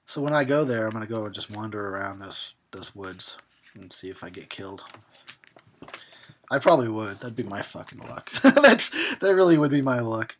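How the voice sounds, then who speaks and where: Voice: medium pitch, big pitch swings, moderate pace, slight background noise. Tipsy, foul-mouthed horror host. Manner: profane, rambling, often laughing. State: drunk. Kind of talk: drunken movie commentary.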